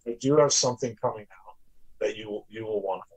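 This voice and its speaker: A man's voice: on the low side, brisk, husky, low-quality recording. A man who owns a small business, a guest in a casual interview, telling stories animatedly and often repeating his words. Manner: animated storyteller, repeats himself.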